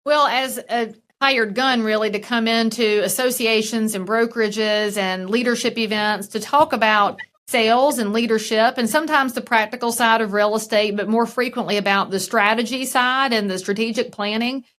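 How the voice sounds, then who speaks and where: A woman's voice: on the high side, normal speed. A woman with a Southern US accent, a real estate broker talking frankly in a podcast interview. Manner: frank, lively storyteller.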